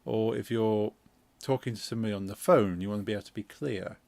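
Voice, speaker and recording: Midlands man, stream host, gravelly, rambling explainer, dry close mic. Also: on the low side, fast, a little mellow, no echo. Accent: English Midlands. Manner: rambling, explanatory, many fillers and restarts. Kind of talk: casual chat while gaming.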